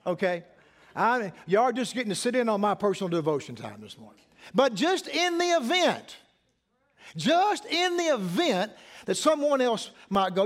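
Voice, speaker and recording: A man's voice: high voice, sing-song, normal speed. A middle-aged man preaching a sermon as pastor, conversational, repeating phrases and asking the congregation questions.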